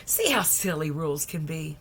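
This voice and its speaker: A woman preacher retelling a Bible story in a lively, conversational sermon, dropping at times into soft whispers. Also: deep voice, normal speed, husky. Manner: lively, acts out voices, drops to whispers.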